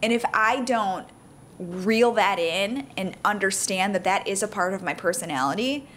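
A woman co-hosts a relaxed married-couple podcast. She talks casually and animatedly, laughing often and speeding through explanations at a mid pitch. A faint rumble of noise sits behind her voice. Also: normal speed. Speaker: podcast co-host.

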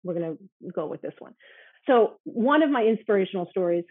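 A woman's voice: mid-range voice, animated, brisk, breathy edge, no echo, narrow, tinny audio. A woman, a self-defense instructor, talking earnestly as an interview guest and growing emphatic as she speaks. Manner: earnest, grows emotional and emphatic. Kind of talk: conversational interview.

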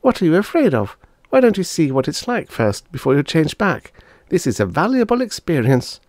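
A man's voice: on the high side, sing-song, moderate pace, a little mellow, dry recording, clean studio sound, pitched above the performer's own voice. A man voicing a bossy young boy who plays scientist and talks in a blunt, dismissive way.

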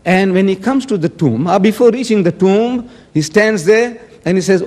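A man's voice: sits high, expressive, normal speed, few pauses, a little mellow. Emphatic man debating in a reverberant hall. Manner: emphatic, argumentative, acting out quoted speech. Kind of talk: public debate speech.

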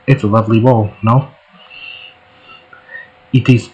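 A man's voice: lowish voice, fairly even intonation, measured pace, a little mellow, lightly acted, poor audio. A man voicing a showy Frenchman with a pet dog, in a hammy fake French accent with broken phrasing. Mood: theatrical.

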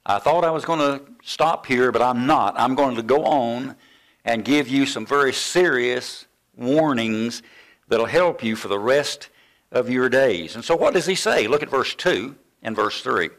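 Older preacher telling a story. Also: male voice, mid-range voice, a little slow. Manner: animated storytelling, acts out quoted voices. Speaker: pastor. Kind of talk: sermon.

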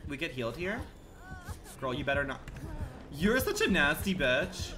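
Male streamer, live game commentary, lively swooping delivery, exclamatory and slangy, music playing underneath. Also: fairly high pitch, normal speed. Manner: animated, exclamatory, slangy and profane.

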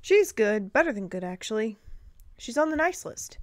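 A woman's voice: on the high side, very animated, normal speed, dry recording, clean studio sound. A woman reading the lines of Santa, an earnest, worried father and uncle, in a plain, sincere voice.

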